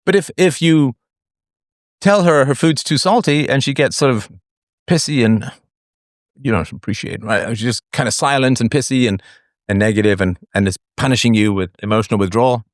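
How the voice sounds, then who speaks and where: A middle-aged man hosts a live call-in talk show in an online audio space, talking casually at normal speed in a mid-range voice. He's animated, acting out quoted voices and singing snatches, and the studio-quality recording has no echo.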